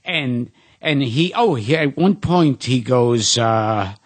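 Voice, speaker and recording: A man's voice: mid-range voice, lively intonation, slow pace. A man as a podcast guest, telling anecdotes in casual chat and mimicking other people's voices.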